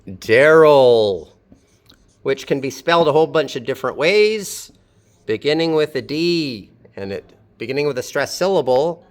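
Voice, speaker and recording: A man's voice: on the high side, animated, normal speed. A man teaching a phonetics lesson, explaining pronunciation patiently and thinking aloud as he goes. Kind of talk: phonetics lecture.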